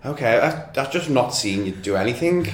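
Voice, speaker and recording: A man's voice: medium pitch, animated, brisk. A man from Liverpool with a Scouse accent, a comedian guest chatting in a cheeky, crude, gossipy way. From Liverpool, England. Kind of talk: casual chat. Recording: echoey room.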